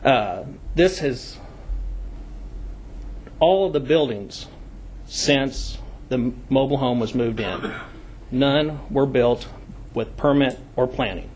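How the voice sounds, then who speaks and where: Man speaking at a public meeting, deliberate and emphatic, citing regulations. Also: mid-range voice, darkish tone, slight background noise. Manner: deliberate, emphatic, stresses key words. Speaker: public commenter at county meeting. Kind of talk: formal public comment, reading code sections. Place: county commission meeting room.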